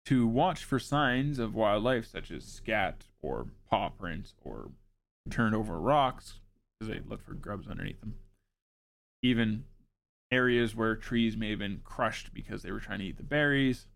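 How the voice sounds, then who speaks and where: A man's voice: lowish voice, lively intonation, a little slow, vocal fry. A man hosting a show, reading informational notes aloud and breaking off for joking asides. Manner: wry, joking asides between read facts. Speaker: show host.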